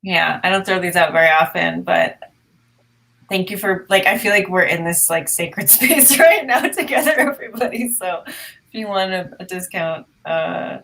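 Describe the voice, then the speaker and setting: Woman coach on a video call, low voice w lots of fry, laid-back chatty tone. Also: expressive, normal speed, a bit bright. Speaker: intuitive life coach. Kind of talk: casual live coaching chat.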